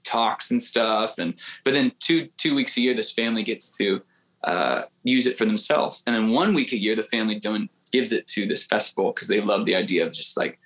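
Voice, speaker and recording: A man's voice: on the low side, moderate pace, fairly bright tone, poor audio. A man who is a guest singer-songwriter, telling stories in casual podcast chat with lots of restarts and fillers. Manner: rambling, hesitant storyteller with many restarts. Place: home area near the coast.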